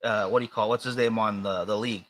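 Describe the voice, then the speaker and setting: Bright-voiced rambling American man. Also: lowish voice, steady tone, fast. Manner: rambling, hesitant, many fillers and restarts. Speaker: podcast co-host. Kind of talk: casual chat.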